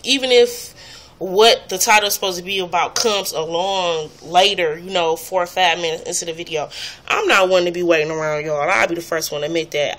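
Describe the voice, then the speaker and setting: A woman's voice: on the low side, fairly bright tone. A woman vlogger ranting bluntly and profanely to camera. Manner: blunt, profane, exasperated ranting with mocking impressions. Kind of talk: casual rant to camera.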